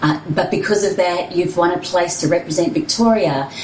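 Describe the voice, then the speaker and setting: A woman's voice: lowish voice, moderate pace, darkish tone, reverberant, far from the mic, slight background noise, rough recording. A woman, a personal trainer and runner, telling her story candidly and expressively in an interview.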